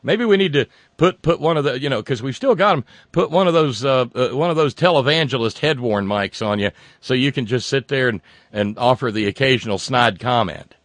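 A man hosting a call-in radio show, rambling and joking with sudden loud outbursts. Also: medium pitch, a little fast, no room sound. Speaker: radio talk show host. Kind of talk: casual call-in radio banter. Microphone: studio microphone.

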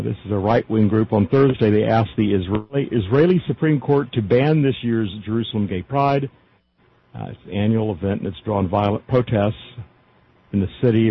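A man's voice: fairly low pitch, husky. A man hosting a casual news show, reading articles aloud with many fillers and asides. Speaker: podcast news host. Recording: dull lo-fi audio.

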